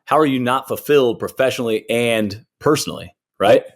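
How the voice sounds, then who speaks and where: A man's voice: mid-range voice, brisk. A man hosting a podcast interview, summing up his guest's points in an encouraging way. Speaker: podcast host. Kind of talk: casual interview.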